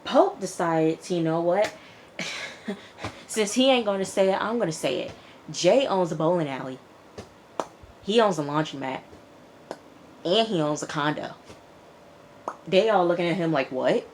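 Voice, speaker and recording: A woman casually recapping a TV episode, chatty and animated, acting out the characters' lines as she tells it. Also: lowish voice, a little slow, long pauses, slight background noise. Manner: chatty, animated retelling with quoted dialogue. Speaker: TV show reviewer.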